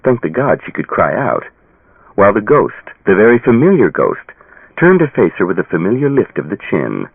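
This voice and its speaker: A male audiobook narrator reading with dramatic expression, his pitch swinging widely around a lowish center. His voice is husky and dry, and the sound is thin and tinny like a phone line. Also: wildly swooping pitch, normal speed, dry recording. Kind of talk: scripted narration.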